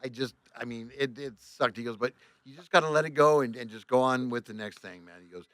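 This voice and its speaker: A man, a tour bus driver, telling a story on a podcast in a casual, animated and profane way, acting out both sides of a conversation. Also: medium pitch, brisk, no echo, studio quality. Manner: animated, profane, reenacts dialogue with "I go, he goes".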